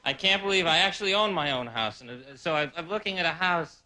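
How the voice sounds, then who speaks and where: A man doing a stand-up comedy set, rambling and self-mocking with quick asides. His voice sits a little high. The live recording is noisy. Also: animated, bright, forceful tone. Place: live stage before a laughing audience.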